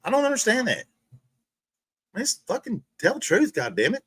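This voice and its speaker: A man's voice: high-pitched, wildly swooping pitch, brisk, fairly bright tone, breathy edge, no room sound. Heated, profane man ranting. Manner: profane, heated, repeats himself with restarts. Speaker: livestream host. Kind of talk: ranting casual monologue.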